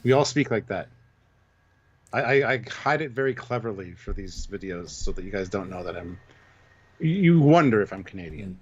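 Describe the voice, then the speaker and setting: A man's voice: fairly low pitch, animated, normal speed, husky, dull audio. A man co-hosting a live stream, joking and reading out viewer comments. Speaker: show co-host. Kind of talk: casual livestream chat.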